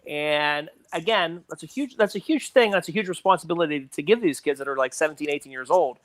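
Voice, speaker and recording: Male podcast guest, slightly high voice, dry close sound, rambling chat. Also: brisk, a bit bright, no room sound. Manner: rambling, full of "you know" fillers. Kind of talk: casual movie discussion.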